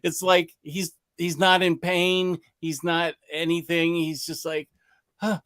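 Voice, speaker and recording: A man co-hosting a casual chat show, laughing and animated as he talks. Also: on the high side, clear, resonant tone. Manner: laughing, animated, drawn-out delivery. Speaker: co-host.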